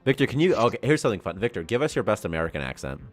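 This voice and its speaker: A young man chats away on a casual development livestream, talking fast in a low voice. He rambles and laughs a lot, with quiet music playing underneath. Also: very animated. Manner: rambling, quick, chatty, laughs often. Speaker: programmer and stream host. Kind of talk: casual game dev livestream chat.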